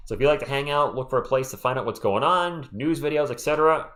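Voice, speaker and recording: A man hosting a casual live play-by-play stream, calling plays and answering chat with an animated delivery while losing his voice. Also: mid-range voice. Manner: animated, quick play calls mixed with chat shout-outs.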